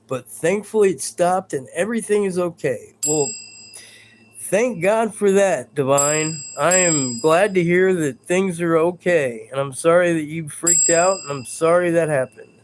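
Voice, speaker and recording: A man's voice: fairly high pitch, a little slow, slight background noise. A man hosting a live stream in a casual, rambling chat, reading out viewer comments and stumbling over his words in a self-deprecating way.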